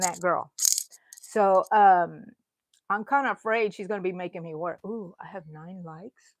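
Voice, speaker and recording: A woman's voice: mid-range voice, lively intonation, measured pace. A middle-aged woman chatting casually on a live stream as she tours her small craft room at home, rambling from one item to the next. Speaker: crochet vlogger.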